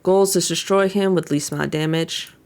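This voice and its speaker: A woman's voice: fairly low pitch, fairly even intonation, a little fast, a little mellow, clean tone. A young woman VTuber casually recapping an anime episode, paraphrasing the characters' lines with frequent fillers. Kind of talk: casual commentary.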